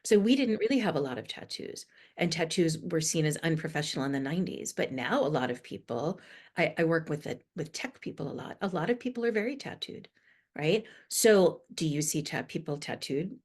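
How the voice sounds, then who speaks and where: A middle-aged American woman with a deep voice speaks briskly as a guest expert on inclusive language in a podcast interview. She explains earnestly and with animation, her emphasis rising as she goes.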